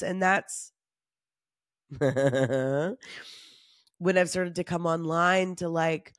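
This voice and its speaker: A woman's voice: lowish voice, steady tone, takes it slowly, pauses often, no room sound, studio quality. Tired, candid woman podcasting solo. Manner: candid, confessional, with casual laughs and swearing. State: tired and run down. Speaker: podcast host.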